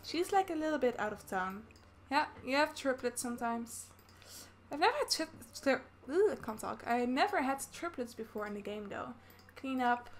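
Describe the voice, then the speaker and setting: Animated and high-voiced, a woman from the Netherlands keeps up chatty commentary at a normal pace while she plays a life-sim game. She's a gaming YouTuber doing a casual Let's Play, narrating everything she does over slight background noise.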